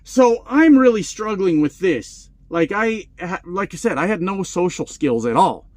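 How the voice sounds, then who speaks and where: A man of about forty, a truck driver vlogger, telling a story in casual, profane, animated style. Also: high voice, unhurried, dry recording.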